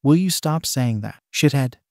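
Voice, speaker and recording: A gruff, cursing teenage boy with a hot temper, read out by a man. He snaps in exasperation, every line laced with swearing. The voice sits at a middling pitch and sounds dry and close. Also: lively intonation, measured pace, no room sound. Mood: irritated.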